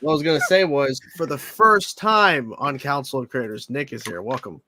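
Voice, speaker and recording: A man hosting a casual online panel chat, joking in lively banter. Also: medium pitch, normal speed, a little hiss or hum.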